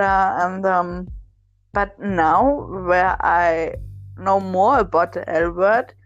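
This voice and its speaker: Slow, halting woman on a muffled recording. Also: fairly low pitch, fairly even intonation, soft background music. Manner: emotional, halting, many fillers. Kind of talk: casual chat about a TV series.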